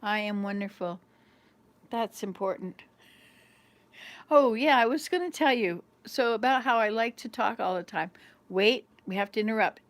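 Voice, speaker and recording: A woman's voice: mid-range voice, normal speed, long pauses. A woman in her fifties hosting a vlog, telling rambling home stories to a small camera with frequent laughter. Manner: rambling, chatty storyteller who laughs often. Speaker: vlog host. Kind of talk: casual chat to camera.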